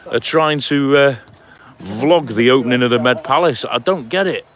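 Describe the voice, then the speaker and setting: A man's voice: mid-range voice, normal speed, a bit bright. A man live-streaming on a clifftop walk by the sea, chatting casually and reading out viewers' comments by name. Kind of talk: casual live-stream chat while walking. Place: outdoors on a seaside clifftop walk.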